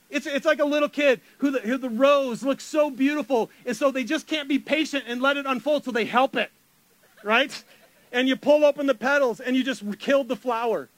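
Man, pastor, sermon, high voice, dry close sound, animated, sarcastic asides. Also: moderate pace, dry recording. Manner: animated, sarcastic asides, swings from hushed to loud.

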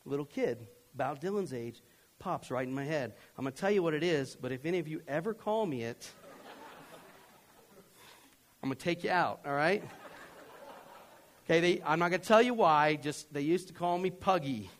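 A middle-aged pastor tells a story from the pulpit in a slightly high, lively voice. He talks to the room like a friend and keeps checking that they are following. He lurches from loud bursts to hushed admissions. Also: a little fast. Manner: conversational and self-deprecating, often checking in with the listeners; swings from loud, animated outbursts to low, quiet confession. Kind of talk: storytelling sermon.

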